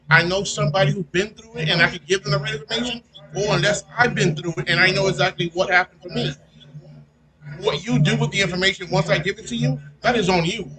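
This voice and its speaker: A man in casual podcast talk who explains his view at length in a steady way. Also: sits high, rough recording.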